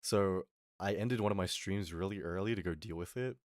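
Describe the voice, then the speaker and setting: A man's voice: sits low, normal speed, a little mellow, dry recording. A young man streaming as a vtuber, telling a story to his chat in a rambling, casual way with lots of fillers, on a close mic. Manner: rambling, fillers, reads chat and acts out quotes.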